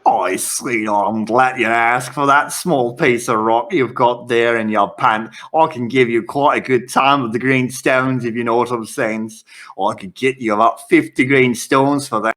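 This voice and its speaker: A man's voice: medium pitch, moderate pace, fairly bright tone, voice pushed down, close to an everyday voice. A man playing a sly, flirtatious gambling-table dealer who talks in a smarmy, teasing way.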